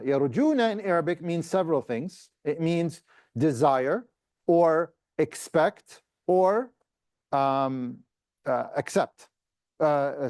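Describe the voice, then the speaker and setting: A man's voice: on the high side, darkish tone, no room sound, clean studio sound. A man teaching a tafseer class on the Quran. He explains verses, breaks into chanted Arabic recitation, and puts questions to his students.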